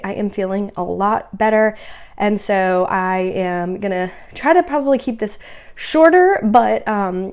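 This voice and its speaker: A woman's voice: mid-range voice, a little mellow. A woman hosting her own budgeting vlog in a casual, upbeat, chatty way, sounding a little winded and out of breath. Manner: upbeat and chatty, with frequent "um" fillers. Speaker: budgeting channel host.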